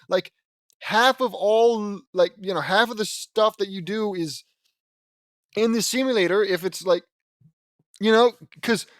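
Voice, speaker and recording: A man's voice: high voice, no echo, clean studio sound. A man reading fan fiction aloud and breaking off for sarcastic, exasperated asides with swearing, sometimes trailing into mumbling. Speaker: fan fiction reader and commentator. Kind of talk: mocking read-along of fan fiction.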